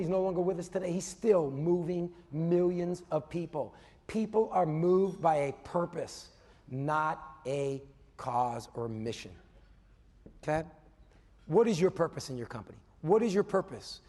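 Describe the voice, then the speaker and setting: Man, business coach, motivational keynote, animated, loud then hushed, high voice. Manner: animated, swings between loud emphasis and hushed asides; tags points with a questioning "okay?". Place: conference hall before a live audience. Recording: long reverb of a large hall.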